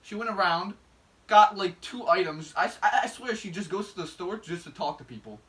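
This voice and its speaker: A man chatting casually as a podcast co-host, telling a story with lively delivery and frequent laughs. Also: high-pitched, fairly quick, far from the mic, low-quality recording. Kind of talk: casual chat.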